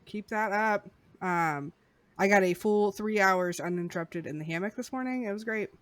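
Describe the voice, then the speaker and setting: A woman co-hosting a podcast in casual chat, reading shout-outs in a playful way. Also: medium pitch, moderate pace, no echo. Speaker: podcast co-host.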